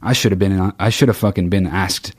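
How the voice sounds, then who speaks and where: A man's voice: low-pitched, a little fast, husky, no echo. Swearing sarcastic guy ranting on his podcast, dry close mic, rambly. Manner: sings mock-solemn snatches of songs. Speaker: podcast host. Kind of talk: profane comedic monologue.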